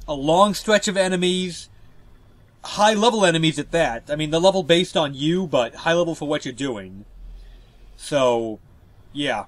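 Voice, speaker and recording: Chatty, higher-pitched game commentator. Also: male voice, expressive, unhurried. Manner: chatty, joking, self-deprecating. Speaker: let's play host. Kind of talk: casual gameplay commentary.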